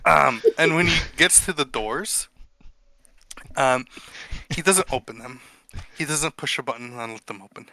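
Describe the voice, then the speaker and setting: A man's voice: mid-range voice, expressive, bright, forceful tone, no room sound. A man narrating a tabletop game as game master, casual, with fillers. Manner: casual, quick bursts with fillers.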